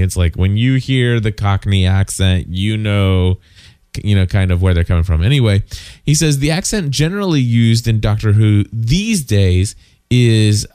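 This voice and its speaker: A man's voice: lowish voice, a little mellow, clear, resonant tone, no room sound, studio quality. Man reading podcast mail. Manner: reads listener mail aloud with frequent fillers and asides. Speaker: podcast co-host reading listener feedback. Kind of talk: casual podcast chat.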